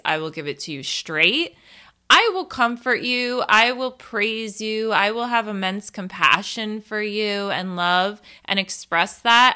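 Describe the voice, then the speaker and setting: A woman's voice: medium pitch, bright, forceful tone. A woman in her thirties telling a candid, funny family story in a casual monologue, swearing and laughing at herself. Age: 30s.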